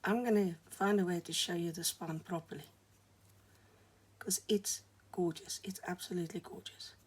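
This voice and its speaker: A woman chats quietly through a crafting session, her low-ish voice husky and a little hoarse. She often trails into near-whispers as she concentrates on her hands. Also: steady tone, normal speed. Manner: soft-spoken, murmuring while working, frequent near-whispers. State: hoarse, recovering voice. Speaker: craft vlogger. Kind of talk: casual crafting commentary.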